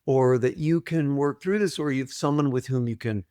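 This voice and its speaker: A man guesting on an interview podcast, explaining things deliberately, repeating his points and often clearing his throat. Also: medium pitch, warm tone, no echo, studio quality. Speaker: guest, trauma author. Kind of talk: conversational interview, teaching.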